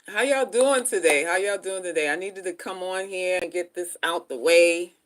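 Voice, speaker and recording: A middle-aged woman chatting casually on a livestream from home, animated and slangy as she reads viewer comments aloud. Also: fairly low pitch, moderate pace, slight background noise. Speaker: livestream host.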